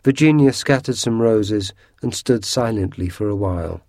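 A man narrating a storybook audiobook in a measured, unhurried way. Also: lowish voice, expressive, darkish tone, no echo, studio quality.

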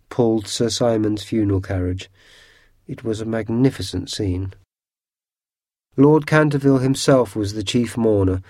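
A man narrating a storybook audiobook in a measured, unhurried way. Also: medium pitch, warm tone, no room sound, clean studio sound.

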